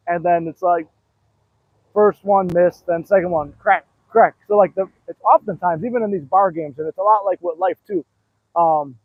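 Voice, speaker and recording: The recording sounds dry and tinny, phone-like, with no echo. In it, a manifestation coach with a fairly high voice walks and pants while telling rambling, filler-packed stories during a casual live talk.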